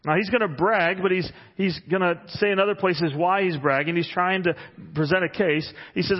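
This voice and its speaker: A man's voice: sits high, normal speed, hardly any pauses. A man preaching a sermon in a church hall, conversational and joking, reading Bible passages aloud. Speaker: pastor. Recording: muffled sound with long hall reverb.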